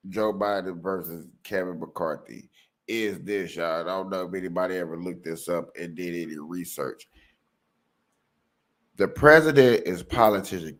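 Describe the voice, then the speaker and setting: A man hosting a casual, joking commentary show, laughing and riffing. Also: deep voice. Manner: animated, joking, laughing often. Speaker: host.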